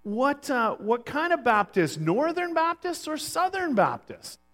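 A man voicing an eager, nosy man on a bridge whose excited questioning turns to a shrieking rage, in a high, shouting voice. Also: a little slow, heavily acted.

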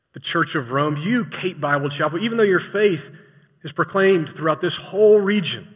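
A man preaches a sermon in a conversational style, frequently putting rhetorical questions to his listeners. His voice is on the high side, fairly bright, and slightly rough, recorded in a hall with long reverb.

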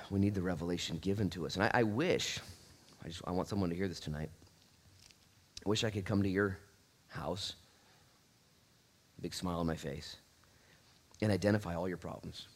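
A man pastor giving a casual, animated sermon in church, laughing and acting out little asides. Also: low voice, quick pace.

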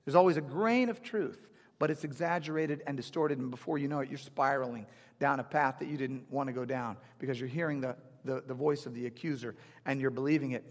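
A man's voice: medium pitch, steady tone, quick pace. A middle-aged man preaching a sermon to a congregation, telling stories and acting out the voices of the people in them. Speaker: pastor. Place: church sanctuary. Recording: long hall reverb.

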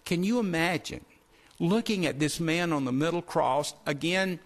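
A man preaching a sermon, earnest and direct, asking the congregation rhetorical questions and slowing down to stress key phrases. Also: on the high side. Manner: earnest, addresses listeners as folks, asks rhetorical questions.

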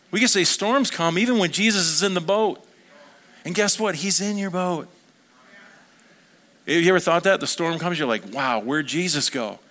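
Bright-voiced pastor preaching conversationally. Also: male voice, high voice. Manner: conversational preaching, asks the congregation questions. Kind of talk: sermon.

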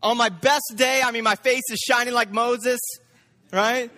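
A man preaching from the front of a church, his voice pitched high and ringing bright. He works himself up until he is loud and excited, stumbling over doubled words as he pushes ahead. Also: a little slow. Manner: excitable, gets loud and amped up; repeats words when he speeds up. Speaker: pastor. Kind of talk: sermon.

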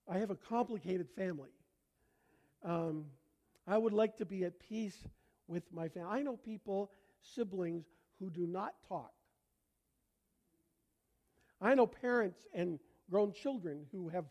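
An older pastor with a Canadian accent delivers a sermon, his voice sitting high for a man. He talks conversationally, slipping in jokes and inviting the congregation to answer back. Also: warm tone. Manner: conversational, joking, asks congregation to respond. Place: church before a congregation.

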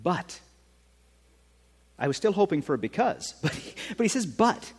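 A man preaching a sermon in a conversational way, often checking in with his listeners with a quick "right?". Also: high-pitched, big pitch swings, slightly rough, long reverb tail. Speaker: pastor.

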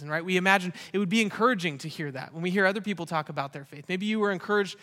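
A man's voice: high-pitched, rapid-fire, bright, forceful tone. A man preaching a sermon as pastor, in an earnest, conversational way with rhetorical questions. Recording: long reverb of a large hall.

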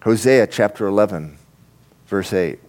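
A man's voice: fairly low pitch, a little slow, darkish tone. Impassioned man preaching a sermon. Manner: preaching with rising, impassioned emphasis and repetition; addresses the congregation directly. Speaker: pastor. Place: church.

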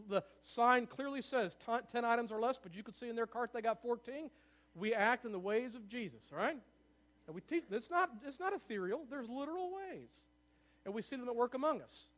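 A man delivers a sermon in a church, his voice pitched unusually high. He talks at a rapid clip and gets visibly excited, checking in with his listeners as he goes. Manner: excitable, fast-talking, asks the room for agreement. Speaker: pastor. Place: church sanctuary.

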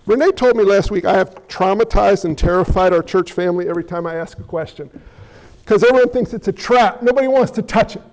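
A man's voice: sits high, brisk, a little mellow, low-quality recording. A man preaching a sermon as pastor, talking conversationally and playfully while questioning his congregation.

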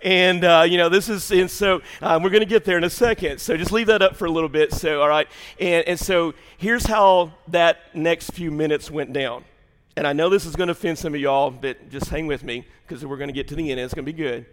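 An older man preaching a sermon, telling a family story and rising to loud, shouted peaks. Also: fairly high pitch, steady tone, a little fast, long reverb tail. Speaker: pastor.

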